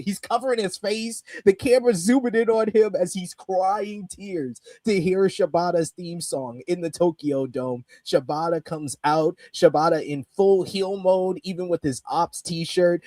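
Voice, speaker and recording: Man, podcast co-host; high-pitched, excitable, profane storyteller, dry recording. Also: dry recording. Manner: animated, profane, laughing storyteller. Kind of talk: excited event recap.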